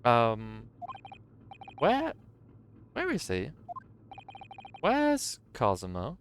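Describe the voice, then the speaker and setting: A man's voice: mid-range voice, wildly swooping pitch, drawn-out words, a little hiss or hum, full character voice. A man reading a game aloud as a bewildered young man, stammering and flustered.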